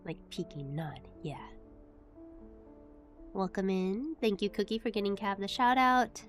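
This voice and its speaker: A woman's voice: mid-range voice, expressive, normal speed, faint music behind. A woman streamer chatting casually with her viewers while playing a game and reading its text aloud. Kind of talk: casual live-stream chat while gaming.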